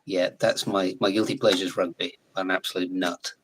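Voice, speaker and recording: An English man in his forties, a guest in a casual live chat, talking in a chatty, animated way and laughing often. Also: low-pitched, a little fast, slight background noise, rough recording. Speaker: guest actor.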